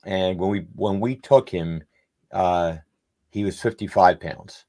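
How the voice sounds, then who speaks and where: A middle-aged podcast panelist speaks slowly in a low, warm voice. He tells a long, rambling story in a casual, anecdotal way, acting out the quoted dialogue as he goes.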